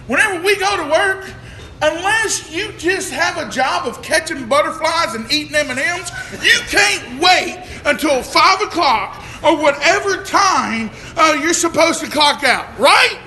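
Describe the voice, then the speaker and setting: A man preaching a sermon, swinging between shouts and hushed tones. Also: extremely high pitch, expressive, a little slow. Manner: shouts and drops to a hush, preacher cadence. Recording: echoey room with faint noise.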